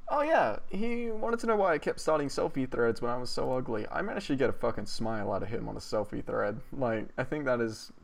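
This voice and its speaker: A gravelly-voiced Australian man talks loosely on a late-night podcast, clearly a bit drunk and worn out. He laughs easily and swears without thinking about it, staying mid-pitched and chatty. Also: animated, fairly quick, few pauses. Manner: laughs often, swears casually. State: tipsy and tired. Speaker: podcast host. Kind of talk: casual late-night chat.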